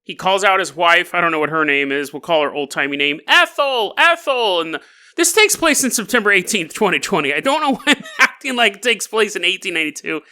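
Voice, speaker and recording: A man's voice: sits high, lively intonation, quick pace, pushed and bright. A man hosting a podcast, retelling a news story as a comedy bit with jokes, tangents and laughs mid-sentence. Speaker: podcast host.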